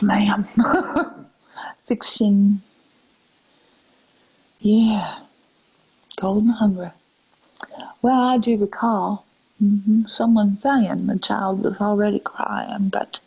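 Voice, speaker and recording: An older woman chatting on a live stream, answering viewers in a soft, musing, often half-whispered way. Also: mid-range voice, creaky, slightly rough, poor audio.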